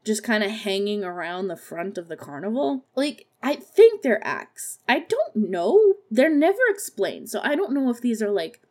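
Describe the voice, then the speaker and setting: A woman's voice: mid-range voice, big pitch swings, normal speed, hardly any pauses, darkish tone. A young woman talks through a horror musical she is reviewing for her podcast. Her recap is casual and sarcastic, full of profanity and little laughs at her own jokes. She keeps it loose and unscripted. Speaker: podcast host reviewing a film.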